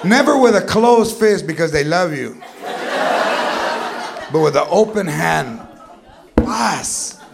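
A man's voice: on the high side, expressive, takes it slowly, creaky, long pauses, background noise, pitched below the performer's own voice, heavily acted. Man doing a scolding grandmother. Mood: threatening. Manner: scolding, threatening, mixing Spanish into English. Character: tough older Mexican grandmother scolding a grandchild. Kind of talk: stand-up comedy. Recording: loud live club with laughing crowd.

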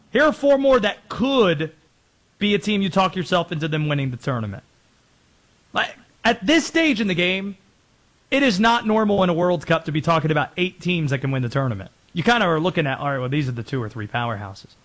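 Guy with a high voice doing casual sports commentary, chatty host, corrects himself a lot. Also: fairly bright tone. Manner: quick, conversational, self-correcting.

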